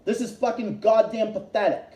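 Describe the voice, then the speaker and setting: Male streamer, high voice with a dark, mellow tone, swears and repeats himself as he rants in an echoey room. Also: normal speed. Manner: profane, repetitive, heated ranting. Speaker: livestream host. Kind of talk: heated political rant on a livestream.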